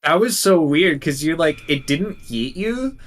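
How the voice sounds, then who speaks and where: A man's voice: on the high side, expressive, a little slow, slight background noise. Rambling male game streamer. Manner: rambling, self-correcting. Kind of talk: casual live-stream chat.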